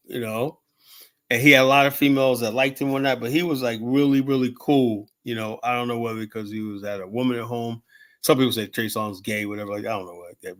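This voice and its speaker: A man in his fifties telling rambling stories in casual talk, swearing freely and full of fillers and restarts. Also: medium pitch. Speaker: show host telling stories.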